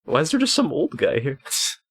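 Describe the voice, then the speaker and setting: A man's voice: a little high, huge pitch swings, brisk. Giggly young man streaming a game. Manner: giggly, self-mocking chatter. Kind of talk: casual game-stream chat.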